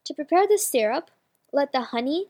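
Give me a high-pitched woman casually presenting magazine pages. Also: animated, moderate pace, dark tone. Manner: casual, with fillers and self-corrections. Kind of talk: reading magazine pages aloud.

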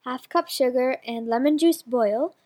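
A woman's voice: sits high, unhurried, dark tone. A woman presenting a magazine, reading submissions and a recipe aloud in a casual way, with fillers and self-corrections.

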